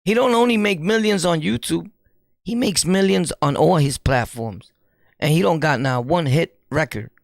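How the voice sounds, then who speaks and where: A man with a New York accent, a streamer giving an animated, preachy commentary in street slang and laughing often. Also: on the high side, normal speed, creaky, no echo, studio quality. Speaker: streamer and YouTuber. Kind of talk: casual commentary monologue.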